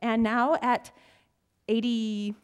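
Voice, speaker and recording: A middle-aged woman pastor preaches to her congregation in a church, and her voice sits a little high. She tells stories in an easy, conversational way and drops in rhetorical questions as she goes. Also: flat delivery, takes it slowly, smooth. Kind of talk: sermon. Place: church sanctuary.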